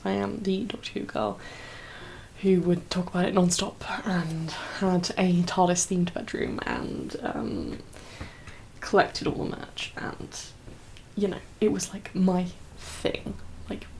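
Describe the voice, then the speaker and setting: Brief: young woman, soft-spoken ASMR chat, breathy half-whispers, teary and rambling, faint background hum. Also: mid-range voice, poor audio. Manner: rambling, full of fillers and laughs. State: teary, emotional. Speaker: ASMR creator.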